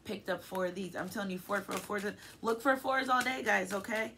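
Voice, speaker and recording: Her mid-range voice moves a little fast over background noise as she gives a casual tarot reading to her viewers. The reader is chatty and effusive, full of affection, often becoming emotional and asking "okay?" to check in.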